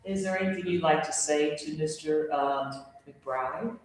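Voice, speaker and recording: A man presiding as judge, measured and formal, reading legal wording plainly. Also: fairly high pitch. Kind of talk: formal courtroom proceedings. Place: large echoey courtroom. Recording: echoey courtroom from far off, faint hum.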